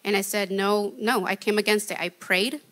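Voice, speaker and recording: A woman shares her personal testimony in a crisp, bright voice. She sounds shy and earnest. Her telling is halting and conversational, with small restarts. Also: mid-range voice, fairly even intonation. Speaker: testimony guest.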